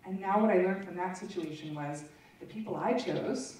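Her voice fairly low and darkish at a moderate pace, a woman presenter gives a frank, conversational testimony to an audience in a large meeting room. The recording is echoey and distant, with slight background noise.

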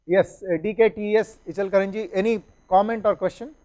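A man's voice: sits high, fairly even intonation, fairly quick, darkish tone. A man, lecturing and answering questions, explaining step by step and often checking understanding with "right?" and "okay?".

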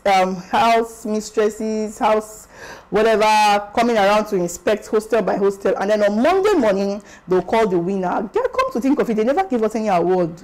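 Brief: young Nigerian woman, vlogger, lively exclamatory storyteller, mid-pitched voice. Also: rough recording. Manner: animated and exclamatory, slipping into Pidgin. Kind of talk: casual storytelling vlog.

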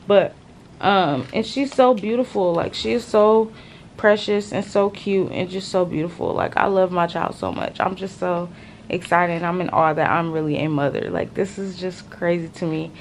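A young woman vlogging casually to her viewers from a hospital room, tired and using relaxed slang. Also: lowish voice, moderate pace, slight background noise. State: exhausted. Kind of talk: casual talk to camera.

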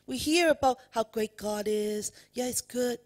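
Woman preaching a sermon, slow delivery, emphatic, asks the church questions. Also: fairly high pitch. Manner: emphatic, addresses the congregation with questions and "you know" fillers. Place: church worship service.

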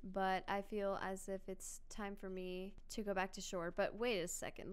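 A young woman hosting a casual playthrough, talking in an ordinary mid-height voice. Her commentary is chatty and easily excited. She reads the game's text aloud as she goes. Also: medium pitch, moderate pace, few pauses, smooth. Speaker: gaming channel host. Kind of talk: casual let's-play commentary.

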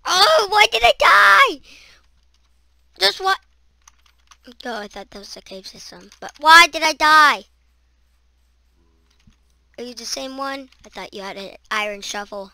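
A woman with a high, very sharp and piercing voice talks her way through a game in unhurried let's-play commentary. She chatters to herself and bursts into shrieks and yells at every monster that appears. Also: very animated, creaky, dry recording. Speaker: gaming channel host.

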